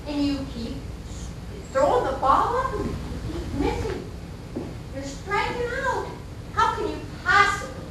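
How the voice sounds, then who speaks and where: A woman's voice: extremely high pitch, expressive, measured pace, far from the mic, background noise, voice pushed up. A woman voicing a puzzled, earnest older man questioning a young boy. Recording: echoey hall.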